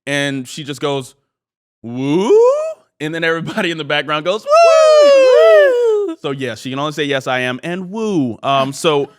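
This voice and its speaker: A man's voice: fairly high pitch, brisk, hardly any pauses, clear, resonant tone. A man in his thirties co-hosting a podcast, recapping an episode in casual chat and acting out quoted lines. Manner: animated, acts out quoted lines. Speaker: podcast co-host.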